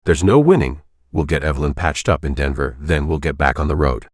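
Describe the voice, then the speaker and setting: A man's voice: extremely low pitch, expressive, brisk, no room sound, studio quality. A man voicing a terse, stubborn, protective father in an audiobook.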